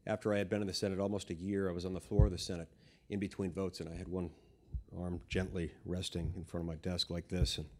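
A man's voice: low voice, little pitch movement, quick pace, a little mellow. Man telling a dry, self-mocking story. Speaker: senator giving a speech. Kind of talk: humorous anecdotal speech.

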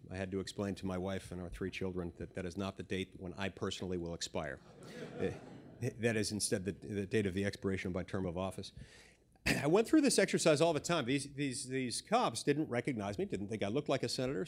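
A man's voice: lowish voice, a little fast. A man, a senator, giving a humorous speech built on anecdotes, told in a dry, self-deprecating way.

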